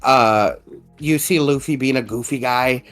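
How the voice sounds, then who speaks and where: Excitable rambling podcast guy, faint music. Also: medium pitch, measured pace. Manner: excitable, laughs often, rambling with fillers and swearing. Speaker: podcast co-host. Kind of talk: casual chat.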